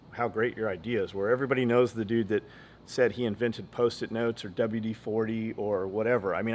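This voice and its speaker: A man hosting a podcast in casual chat, blunt and profane, rambling from story to story. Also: medium pitch. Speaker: podcast host.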